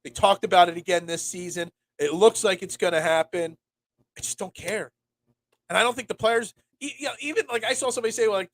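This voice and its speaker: Sick, rambling forty-something sports host. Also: male voice, sits high, fairly quick, fairly bright tone. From Pennsylvania, USA. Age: 40s. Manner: rambling, stammers and restarts, reads and answers chat. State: sick, congested. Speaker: sports talk show host. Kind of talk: casual sports talk.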